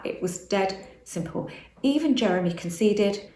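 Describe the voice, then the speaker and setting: A woman's voice: mid-range voice, animated, moderate pace, a little mellow, roomy sound. A woman from the West Country of England with a slight West Country accent, talking frankly in a casual monologue and laughing often. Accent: slight West Country English. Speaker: author and vlogger.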